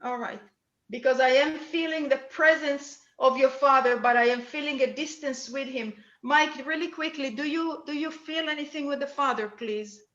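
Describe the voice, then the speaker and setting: Woman psychic medium, high bright voice, halting and repetitive delivery, echoey lo-fi room sound. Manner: halting, repeats words while searching. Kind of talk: mediumship reading at a church service.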